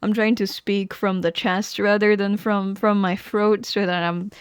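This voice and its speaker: Giggly rambling woman streamer, smooth voice. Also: medium pitch, level tone, unhurried, dry recording, studio quality. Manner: rambling, giggly, self-correcting. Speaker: live streamer. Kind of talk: casual livestream chat. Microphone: streaming microphone.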